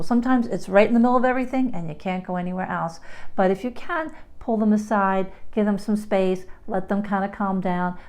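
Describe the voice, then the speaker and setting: A woman talking through parenting strategies in a casual advice video, acting out bright lines a parent might say to a child. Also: medium pitch. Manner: demonstrates parent lines in bright acted voices. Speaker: parenting advice giver, therapist.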